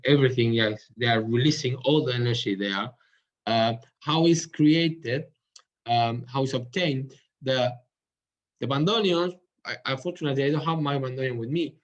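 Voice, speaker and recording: Man teaching tango music, halting delivery. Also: mid-range voice. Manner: sings rhythms out loud with syllables; halting, searching for words. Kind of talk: explanatory music lesson. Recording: dull lo-fi sound.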